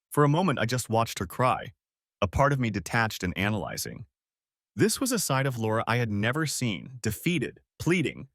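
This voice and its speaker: A man's voice: medium pitch, very animated, normal speed, fairly bright tone, no room sound, studio quality. A man narrating a first-person drama story, cold and controlled in tone.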